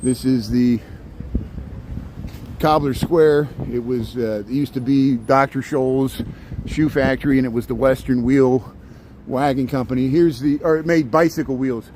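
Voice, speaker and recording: A man's voice: medium pitch, steady tone, a little slow, a little mellow. Chatty man walking city streets. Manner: rambling, chatty, greets viewers by name. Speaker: livestream walking tour host. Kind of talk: casual livestream chat while walking. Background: faint street and traffic noise.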